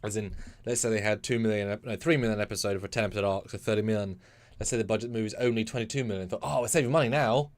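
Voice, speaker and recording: British man, co-host, casual live-stream chat, animated, slightly low voice. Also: rapid-fire. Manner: animated, acts out scenes in bursts.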